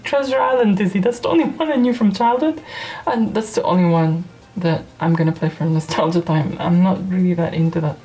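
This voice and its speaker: A woman's voice: a little high, a little mellow. A woman YouTuber chatting casually as she flips through an old magazine, reading bits aloud, giggling often and swearing in mock anger. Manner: giggly, mock-cursing, reads aloud and reacts. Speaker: retro computing YouTuber.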